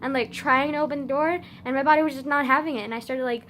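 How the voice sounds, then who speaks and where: A woman's voice: sits high, fairly even intonation, fast talker, a bit bright, slight background noise. A young woman telling a personal story in a casual vlog, rambling with constant "like" and casual swearing.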